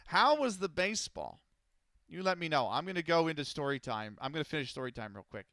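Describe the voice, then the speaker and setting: A man's voice: fairly high pitch, sing-song, fairly quick, pushed and bright, dry recording. A man, an esports commentator, telling a long story casually on a live stream, rambling and restarting as he quotes others.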